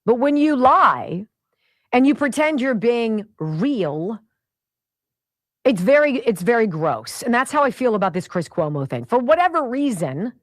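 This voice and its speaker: A woman's voice: medium pitch, no echo. A woman hosting a talk radio show, giving indignant, opinionated commentary and addressing people directly.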